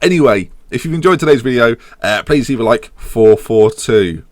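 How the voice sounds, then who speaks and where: An English man with an English accent giving casual, excitable commentary over a football management game, humming tunes and bursting into loud reactions. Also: medium pitch, normal speed, no room sound. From England. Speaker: gaming YouTuber.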